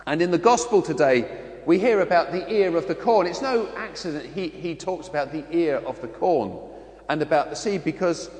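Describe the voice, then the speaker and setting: A priest from London with a London accent, reading the gospel and then preaching in a chatty storytelling way. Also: male voice, fairly high pitch, lively intonation, moderate pace, darkish tone, echoey room, in a large hall. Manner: chatty storytelling with voiced impressions.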